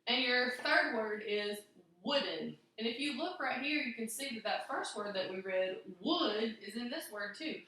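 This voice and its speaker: A young woman teaching a phonics lesson to small children, slowly sounding out each word. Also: fairly high pitch, sharp tone, slight background noise. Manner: slow, clear sounding-out of words. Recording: very echoey room.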